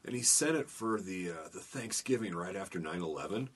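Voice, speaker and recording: Low-voiced man with wry, profane anecdotes. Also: expressive, a little fast, breathy edge. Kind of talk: casual chat.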